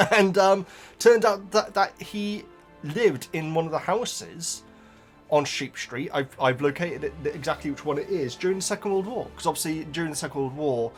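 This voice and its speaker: A man chatting casually on his own channel, rambling with many restarts between topics. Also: a little high. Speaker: book reaction host. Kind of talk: casual chat while reading.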